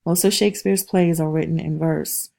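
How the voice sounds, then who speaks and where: A woman's voice: low voice, fairly even intonation, normal speed, vocal fry, warm tone. A woman teaching a class who keeps checking in with "okay?" and taps out rhythms aloud. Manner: checks understanding with repeated "okay?". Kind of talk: classroom lecture.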